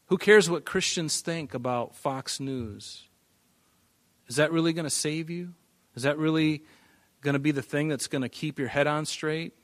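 A man's voice: on the high side, moderate pace, dry recording. A man preaching a verse-by-verse Bible teaching, emphatic and repeating words as he drives a point home. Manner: emphatic, repeats words, varies loudness for stress. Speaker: pastor.

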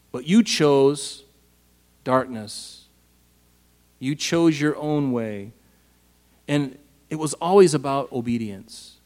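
A pastor preaching a casual, animated Bible-teaching sermon, asking his listeners rhetorical questions. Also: mid-range voice, big-room sound.

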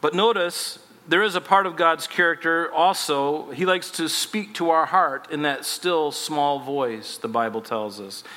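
A male pastor gives a sermon in a plain, conversational way, stopping to read scripture aloud. His voice is bright and a little high for a man. It rings with a long reverb from a church sanctuary. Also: unhurried, few pauses. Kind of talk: expository sermon.

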